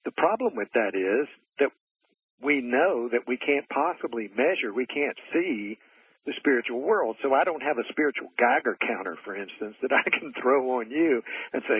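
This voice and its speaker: A man's voice: mid-range voice, expressive, normal speed, husky, no room sound. Earnest man on a muffled phone line. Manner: earnest, retells stories with voiced quotes, frequent restarts. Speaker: guest. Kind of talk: conversational teaching.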